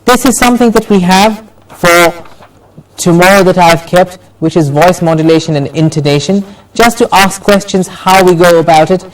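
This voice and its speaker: A man teaching a pronunciation class, modelling words slowly and carefully, drawing them out for his students to repeat. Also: sits high. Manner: slow, drawn-out modelling of words. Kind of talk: classroom lesson. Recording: voice from far off the mic.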